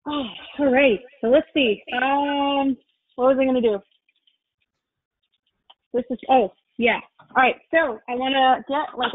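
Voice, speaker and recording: Over a tinny, phone-like line with no echo, a high-voiced woman cooks while chatting casually as a guest chef. She walks through every step, with occasional swearing.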